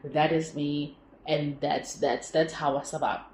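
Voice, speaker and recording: A woman's voice: sits low, steady tone, a little slow, a little mellow, slight background noise. A young woman talking casually on her podcast, chatty and laughing often, with lots of restarts. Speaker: podcast host. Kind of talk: casual personal monologue. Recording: echoey room.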